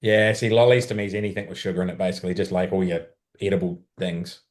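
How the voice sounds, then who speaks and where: A man hosting a podcast, explaining things plainly in a relaxed casual chat. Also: low-pitched, fast talker. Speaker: podcast host.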